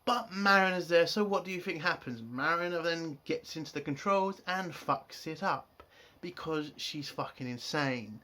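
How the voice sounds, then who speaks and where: A man's voice: a little high, normal speed, hardly any pauses, pushed and bright. A man giving a casual spoken review of a TV episode. He rants in an exasperated way and swears a lot.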